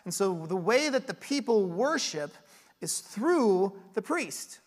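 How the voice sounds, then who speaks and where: A man preaching a conversational sermon, earnest and explanatory, asking rhetorical questions and going hoarse as he loses his voice. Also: high-pitched, very animated, slow pace. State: losing his voice. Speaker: pastoral candidate preaching. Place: church sanctuary. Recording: long reverb of a large hall.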